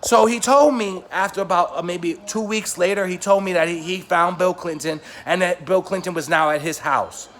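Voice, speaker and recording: A vlogger tells his own story in a voice pitched a little high for a man. He rambles and doubles back over his words, and his telling turns heated and loud as the feeling builds. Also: normal speed, few pauses, a little hiss or hum. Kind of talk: personal storytelling to camera.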